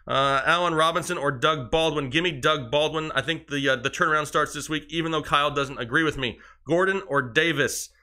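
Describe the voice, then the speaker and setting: A young man with a bright, forceful, slightly raised voice gives one quick verdict after another as a fantasy football co-host. He talks in short, decisive bursts on a casual live stream. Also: on the high side. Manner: quick verdicts, breathless run of picks. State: out of breath. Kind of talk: rapid-fire lineup advice on a live stream.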